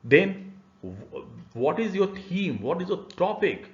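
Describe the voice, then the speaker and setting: A man's voice: sits high, very animated, takes it slowly. A man giving a recorded university e-learning lecture, explaining patiently with many "uh" fillers. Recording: roomy, slightly dull lecture recording.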